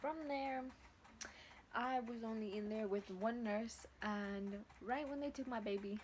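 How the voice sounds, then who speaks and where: A woman's voice: on the high side, unhurried, darkish tone, slight background noise. A teenage woman vlogger telling a casual story from home, blunt and profane with lots of slang. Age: teens.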